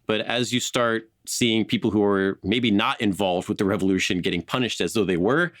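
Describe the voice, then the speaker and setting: A man co-hosting a casual podcast, telling a history story in an animated way and laughing often. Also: fairly low pitch, normal speed, dry recording, clean studio sound.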